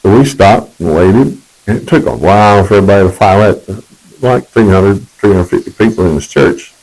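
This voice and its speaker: A man's voice: fairly low pitch, lively intonation, fairly quick, a little mellow, poor audio. A man telling his personal testimony in a rambling, conversational way, correcting himself as he goes.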